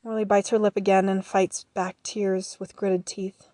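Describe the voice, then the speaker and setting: A woman narrating the scene directions of an audio drama in a measured, matter-of-fact way. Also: medium pitch, little pitch movement, dark tone, dry recording.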